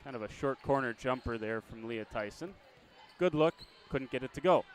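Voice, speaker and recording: A man calling a high school basketball game play-by-play, chatty and quick to correct himself with a small laugh. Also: slight background noise. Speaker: play-by-play announcer.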